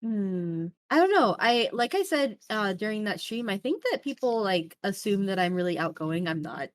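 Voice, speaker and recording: A young woman streamer chatting as an interview guest, talking in animated bursts that swing high and low, with many fillers. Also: moderate pace, no echo. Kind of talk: casual interview chat.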